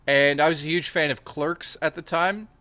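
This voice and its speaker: A man with a bright, forceful voice that sits a little high for a man, telling long, profane stories on a stream. He rambles from one anecdote to the next and acts out what each person said. The sound is dry and close, with no room around it. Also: fairly even intonation, normal speed, no echo. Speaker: stream host. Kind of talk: casual storytelling chat.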